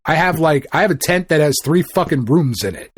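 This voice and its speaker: A middle-aged man co-hosting a podcast, chatting casually in an excitable, rambling, profane way. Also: on the high side, a little fast, husky, no room sound. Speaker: podcast co-host. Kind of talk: casual chat.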